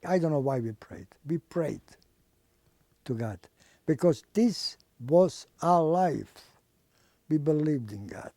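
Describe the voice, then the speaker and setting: An older man gives slow, halting testimony in non-native English, often pausing to find a word. His voice sits a touch high but sounds mellow and soft-edged. The recording is dry and close, with no room sound. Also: animated, gravelly, no echo. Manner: halting, searching for words, with long pauses. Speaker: Holocaust survivor giving testimony. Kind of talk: oral history testimony.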